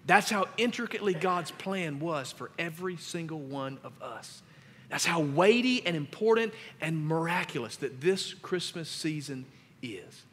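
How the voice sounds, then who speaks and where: A man preaching a sermon as pastor, with emphatic delivery that grows louder on scripture readings. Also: a little high, animated, a little slow, long reverb tail, slight background noise. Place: church sanctuary.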